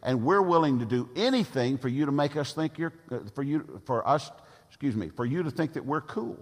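Husky preacher in a reverberant hall. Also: male voice, medium pitch, expressive, brisk. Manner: emphatic, repeats phrases for effect. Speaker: pastor. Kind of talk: sermon. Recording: long reverb of a large hall.

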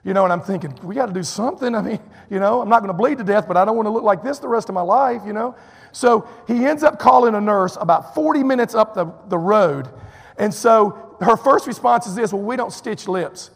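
A man from Texas preaching a sermon in a high, gravelly voice, telling a personal story in an animated way and acting out each person's lines. He often drops in "you know" asides. His voice rings out with the long reverb of a church hall. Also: brisk. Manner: animated, acts out quotes, drawling fillers.

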